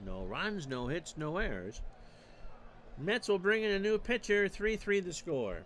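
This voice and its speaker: A man calling baseball play-by-play for a streamed replay, measured and stat-heavy with dry asides. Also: high-pitched, very animated, fairly bright tone, a little hiss or hum. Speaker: play-by-play announcer.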